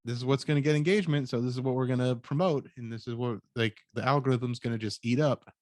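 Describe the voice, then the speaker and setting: Laughing, rambling podcast host. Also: male voice, medium pitch, fairly even intonation, fast, a little mellow, no echo, studio quality. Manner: laughs often, rambling with many likes. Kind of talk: casual chat.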